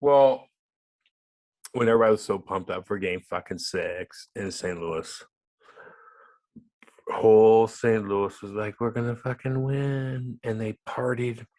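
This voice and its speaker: A man, a former hockey enforcer turned radio host, telling a loud, profane, animated story in an interview. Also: lowish voice, measured pace, pauses often. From United States.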